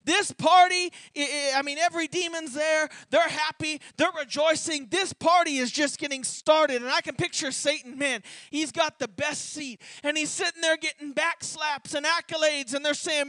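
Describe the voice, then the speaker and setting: High-voiced preacher telling a vivid story. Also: fairly even intonation, normal speed, few pauses, bright, forceful tone, no room sound. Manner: vivid retelling, repeats words when restarting. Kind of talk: dramatic sermon storytelling.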